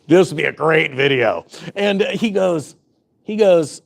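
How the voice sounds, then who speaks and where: A man's voice: a little high, animated, a little slow, creaky. A man giving sarcastic, jokey commentary on economic news, breaking into mock voices. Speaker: finance YouTuber.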